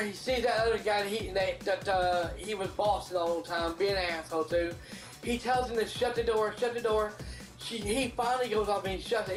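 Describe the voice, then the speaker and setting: Casual movie recap, rambling and profane, lots of restarts, roomy echo, faint music behind. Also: medium pitch. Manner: acts out characters' lines in a raised voice. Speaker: movie reviewer.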